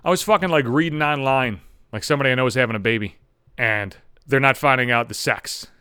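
A man's voice: medium pitch, fast talker, bright, forceful tone, smooth, no echo, studio quality. A young man in a profane, sarcastic comedic rant. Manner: ranting, profane, sarcastic, with mocking voices for others.

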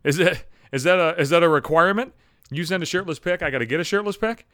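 A man hosting his own show, telling a profane comic story in an animated rant and swearing freely. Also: on the high side, fast, dry recording, clean studio sound. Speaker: host.

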